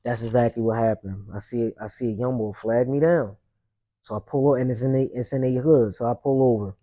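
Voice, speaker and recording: A man's voice: medium pitch, fairly even intonation, brisk, mellow. A young adult man, a podcast host, telling a personal story in a loose, rambling way with street slang and lots of fillers. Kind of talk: casual storytelling monologue.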